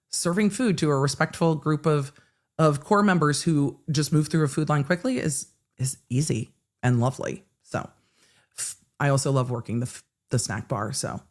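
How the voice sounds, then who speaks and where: Speaking in an extremely low pitch, the middle-aged woman hosting this livestream keeps things loose and rambling, restarting sentences often as she chats and goes through viewer comments.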